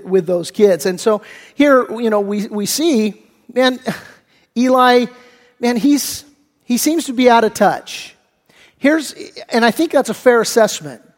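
High-voiced, chatty male pastor. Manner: animated storyteller, chatty, many fillers. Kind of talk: sermon. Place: church sanctuary. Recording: long echo in a church hall.

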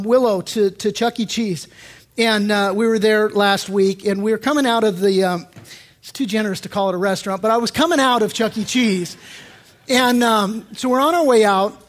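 An older man, a pastor, preaching a sermon and telling stories, acting out prayers and quotes as he goes. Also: high-pitched. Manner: animated storytelling preacher, acts out prayers and quotes.

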